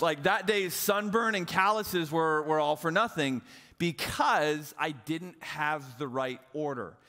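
A young adult man giving a sermon as pastor, an animated, self-mocking storyteller. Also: a little high. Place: church auditorium. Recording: long hall reverb.

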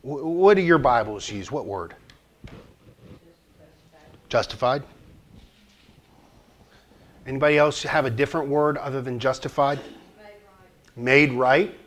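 A man's voice: mid-range voice, measured pace, pauses often. A man teaching a church Bible study class in a conversational way, asking the group questions and joking lightly.

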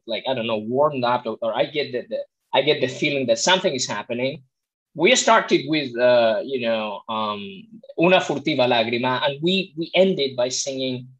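A man, a tenor and vocal coach, telling a story in a casual interview, excitable and full of restarts. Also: poor audio. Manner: animated, acts out quotes with big pitch jumps; frequent restarts and fillers, excitable.

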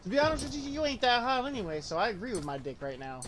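A young man with a high-pitched voice tells crude, boastful stories, swearing constantly and laughing at his own lines. His voice comes through a voice-chat mic with a clear layer of noise hissing behind it. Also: big pitch swings, very fast, a bit bright. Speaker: gamer telling stories. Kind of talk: casual chat over voice call.

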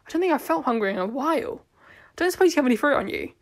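A woman's voice: high voice, lively intonation, fast talker. A woman voicing a blunt, eccentric alien time traveller who has just woken, in a fan audio drama reading. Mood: rambling. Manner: blunt, matter-of-fact, rambling.

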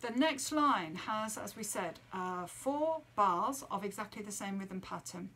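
A woman's voice: mid-range voice, lively intonation, measured pace, fairly bright tone, slight background noise. A woman teaching children a trumpet lesson from home, explaining a tune and counting and singing the rhythms aloud.

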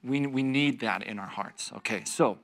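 A man preaching a conversational sermon, telling stories about himself with laughter and quick asides to the congregation. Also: mid-range voice. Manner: animated, self-deprecating storytelling with laughs and asides to the congregation. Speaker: pastor teaching a Bible study. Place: church.

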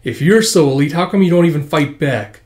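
A man voicing a rough, resentful male teenage school bully in a manga read-along, with a taunting delivery. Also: on the high side, brisk, darkish tone, close to an everyday voice.

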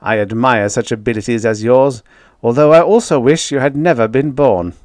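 A man's voice: mid-range voice, moderate pace, a little mellow, no echo, clean studio sound, close to an everyday voice. A man voicing a grave, stern male head of state who speaks formally.

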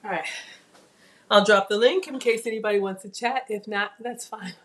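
A woman hosting a live-streamed cooking class from a home kitchen, chatty and excitable, talking straight to her viewers. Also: mid-range voice, normal speed.

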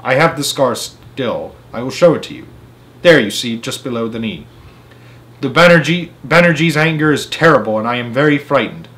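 A man reading a children's story aloud in first person, with dramatic swings between loud and soft. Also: mid-range voice, lively intonation, moderate pace.

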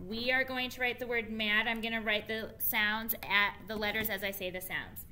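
A woman teacher giving a reading lesson to young children, spelling and sounding out words slowly and asking them to repeat after her. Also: a little high, steady tone, bright, forceful tone, slight background noise.

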